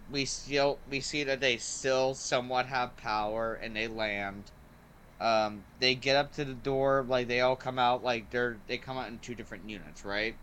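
Bright-voiced man rambling excitedly. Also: medium pitch, a little hiss or hum. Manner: excited and rambling, heavy use of "like" and "um". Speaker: podcast host. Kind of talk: casual movie review chat.

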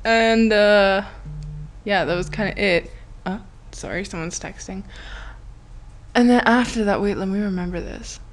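A woman's voice: medium pitch, measured pace, pauses often, faint music behind. A woman hosting a podcast, telling a story in a chatty, giggly way, full of "like" and acted-out quotes. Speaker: podcast host. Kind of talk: casual storytelling monologue.

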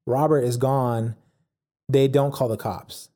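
Very dark-voiced man rambling a story. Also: medium pitch, fairly even intonation, slow. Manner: rambling, many fillers like "like" and "yada yada". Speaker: storyteller recapping a documentary. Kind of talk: casual chat.

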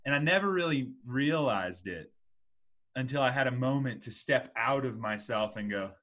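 A man's voice: medium pitch, animated, normal speed, fairly bright tone. A man in his twenties hosting a casual podcast chat, rambling with lots of "like" and "you know". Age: 20s.

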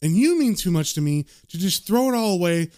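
A tearful but stubborn landlady who pleads and stands her ground, as a man reads her lines. Her lines rise a little in pitch. She sounds like she is in a comic-book recap. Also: big pitch swings, a little fast, a little mellow. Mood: pleading. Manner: pleading, then defiant. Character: grieving woman pub manager, stubborn and tearful.

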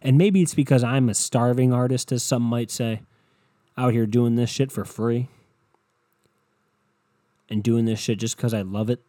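A man's voice: medium pitch, fairly even intonation, unhurried, long pauses, dark tone, no echo. A young man hosting his own podcast, ranting bluntly and rambling with lots of swearing. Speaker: podcast host. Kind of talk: solo podcast rant.

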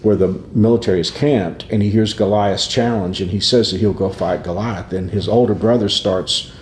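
A man with a fairly low voice speaks as a pastor, thoughtful and unhurried in tone, often restarting a phrase or chuckling softly as he reasons aloud. His voice carries a noticeable room echo, with a faint rumble underneath. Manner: reflective, with frequent restarts and soft laughs. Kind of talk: conversational devotional discussion.

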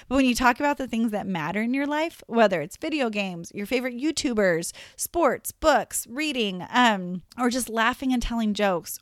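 A young woman telling a Bible story to children, friendly and animated, with chatty asides. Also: fairly high pitch, no room sound, studio quality. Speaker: children's Bible lesson teacher. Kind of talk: Bible story lesson for kids.

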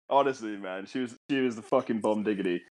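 A man telling a childhood story on a podcast, rambling and swearing, laughing often. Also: medium pitch. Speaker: podcast co-host. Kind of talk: casual comedic storytelling.

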